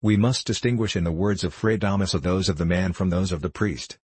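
A man reading the part of a calm, haughty Dominican friar who speaks with a nasal twang and authority. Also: low-pitched, fairly quick, husky, no echo. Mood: lecturing. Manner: authoritative, indifferent, hair-splitting.

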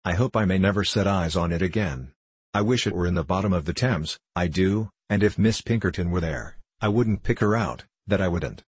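A man's voice: deep voice, fairly quick, husky, dry recording. A man voicing a defiant, bitter young woman in a storybook reading, spiteful and mocking. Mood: furious.

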